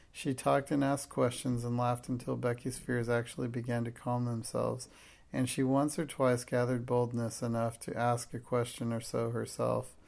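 A man reading a classic children's story aloud with steady, measured storytelling. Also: mid-range voice, vocal fry. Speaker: narrator. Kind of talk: audiobook narration.

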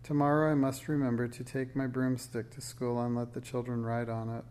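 A man reading aloud, putting on the raised, excited voice of a hopeful young witch girl in a storybook. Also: medium pitch, brisk, smooth, close to an everyday voice. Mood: eager.

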